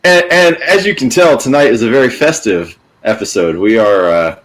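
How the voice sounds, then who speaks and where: A man hosting a casual talk show, introducing the episode and his co-host in a relaxed, hesitant way. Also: mid-range voice, moderate pace, poor audio.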